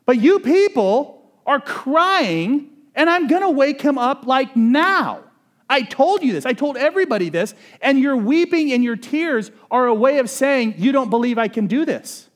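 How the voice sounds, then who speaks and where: A man's voice: very high-pitched, sing-song, measured pace, pitched above the performer's own voice, exaggerated voice. A man doing an exasperated, insistent Jesus. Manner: emphatic, insistent repetition. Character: exasperated adult male Jesus, impatient.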